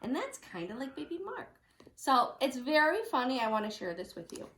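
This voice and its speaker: Lively woman teacher reading aloud. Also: high voice, brisk, echoey room. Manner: lively, animated, chatty asides to children. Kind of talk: reading a picture book aloud. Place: home room.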